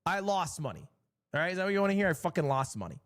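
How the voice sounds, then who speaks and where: A man streaming, telling a story in a casual, animated and exasperated way. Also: high voice, very fast.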